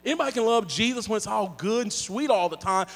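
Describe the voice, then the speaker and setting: High-voiced joking preacher in a hall. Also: male voice, fast talker. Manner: animated, joking, conversational. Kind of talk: storytelling sermon. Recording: long hall reverb.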